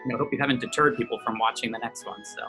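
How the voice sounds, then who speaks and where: A man's voice: medium pitch, fairly even intonation, vocal fry, bright, forceful tone, faint music behind, low-quality recording. A man interviewing a colleague outdoors, firing off questions and teasing his guest. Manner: playful, teasing, quick questions. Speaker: interviewer, church organist. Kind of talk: casual interview.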